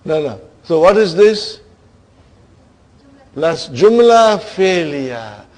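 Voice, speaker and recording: A man teaching an Arabic grammar lesson to students, coaxing them along, stretching key words and trailing off softly at the ends of phrases. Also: a little high, sing-song, drawn-out words, poor audio. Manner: coaxing, keeps asking "are you with me, brother?".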